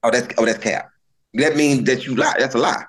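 A man's voice: mid-range voice, a little fast, husky. A middle-aged male comedian telling stories in casual chat, slangy, repeating words and laughing often. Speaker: comedian guest.

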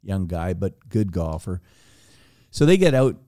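A man telling a long, animated anecdote on a podcast, with frequent restarts. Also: low-pitched, a little slow, no echo, studio quality. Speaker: podcast guest. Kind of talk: casual storytelling.

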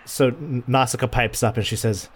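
Relaxed man narrating a tabletop game. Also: mid-range voice, moderate pace, slightly rough. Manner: relaxed storyteller with filler words. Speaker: dungeon master.

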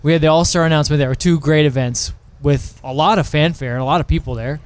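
Fast-talking, crisp-voiced man podcasting. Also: on the high side. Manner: dry teasing wit. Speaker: podcast co-host. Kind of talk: casual podcast chat. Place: office building, top floor.

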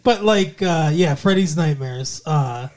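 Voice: mid-range voice, expressive, slow, darkish tone. Rambling middle-aged podcast co-host. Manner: rambling, filler-heavy, jokey impressions. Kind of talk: casual chat.

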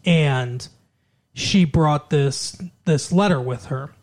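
Podcast cohost just rambling thru a movie plot, doing little character voices, medium pitch. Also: slow, darkish tone. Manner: retells plot at length, acting out quoted lines. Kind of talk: casual chat recapping a film.

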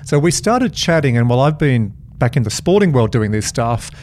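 A man's voice: medium pitch, big pitch swings, a little fast, a little mellow, slight background noise. Enthusiastic man hosting a podcast. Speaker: podcast host. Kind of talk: casual podcast conversation.

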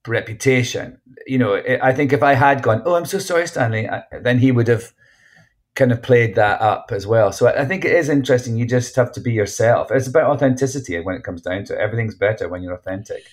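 A man's voice: medium pitch, fast. A Scottish man, an actor and author, telling stories frankly in an interview with lots of restarts. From Scotland. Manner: chatty, frank, many restarts. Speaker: actor and memoir author, guest. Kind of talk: casual interview storytelling.

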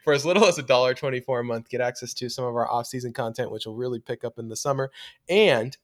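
A man's voice: mid-range voice, quick pace, dry recording, clean studio sound. A man hosting a casual sports podcast, rambling with many fillers while he has the hiccups. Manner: rambling, self-interrupting, lots of fillers. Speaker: podcast host.

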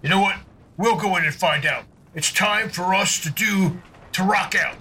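A man playing a tabletop game, brash and profane, often shouting in character. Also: high voice, normal speed, a little hiss or hum. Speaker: player.

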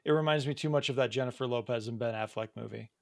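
A man's voice: medium pitch, vocal fry, no room sound, studio quality. Playful mid-voiced man chatting. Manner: playful, quick to laugh. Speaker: podcast co-host. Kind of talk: casual chat.

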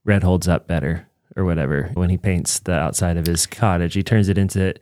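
A man co-hosting a casual film podcast, explaining his points with halting starts. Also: low-pitched, fairly even intonation, darkish tone, no room sound, studio quality. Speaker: podcast co-host.

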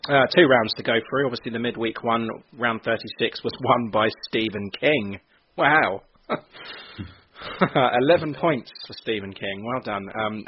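A man hosting a casual football podcast, upbeat and quick to laugh as he runs through prediction scores. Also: mid-range voice, slight background noise. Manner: upbeat, laughs often, reads out league scores. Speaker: podcast host. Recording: dull lo-fi audio.

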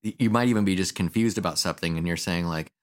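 Deep-voiced man chatting casually. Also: fast. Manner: chatty, laughs often, acts out quotes. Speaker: therapist and podcast host. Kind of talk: casual podcast chat.

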